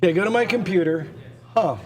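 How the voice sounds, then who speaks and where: Indoors at a computer, a man with a high-pitched, slightly mellow voice talks at a quick pace while hosting a live online auction. His auctioneer patter is pushy and repetitive, broken by stammered restarts.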